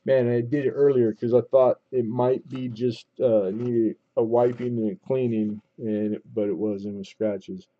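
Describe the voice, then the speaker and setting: A man's voice: mid-range voice, steady tone, unhurried, hardly any pauses. A man hosting a coin auction livestream, rambling casually with many fillers and restarts, calling out last bids. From Southern California. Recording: dull lo-fi stream audio.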